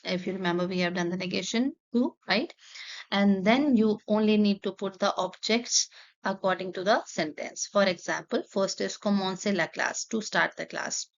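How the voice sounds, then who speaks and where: Woman teaching French, gravelly. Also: mid-range voice, moderate pace. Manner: methodical, reads French then translates. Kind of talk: explaining a textbook lesson. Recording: dull lo-fi sound.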